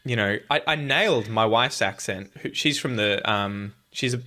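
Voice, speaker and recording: A man's voice: fairly low pitch, moderate pace. A man in his thirties with an Australian accent, chatting casually as a podcast guest and acting out quoted lines with some swearing. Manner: animated, swears freely, acts out quotes. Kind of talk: casual chat.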